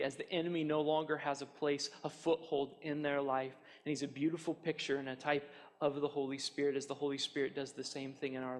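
A man preaching a sermon as pastor, earnest and emphatic, often repeating his points. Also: fairly high pitch. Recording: long hall reverb.

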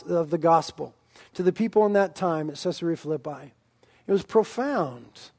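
A man with a notably high voice preaches to his congregation. He stretches key lines out slowly and loudly, then drops into quieter, conversational asides. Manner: emphatic preaching, swinging between loud drawn-out lines and quiet asides. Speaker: pastor. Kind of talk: sermon.

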